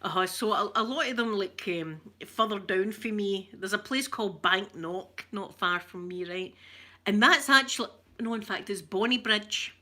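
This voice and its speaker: Chatty Scottish woman, bright laughing voice. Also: medium pitch, moderate pace. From Scotland. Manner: chatty, laughs often, jokes with viewers; broad, rough-edged local speech. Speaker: ASMR livestream host. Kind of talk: casual chat.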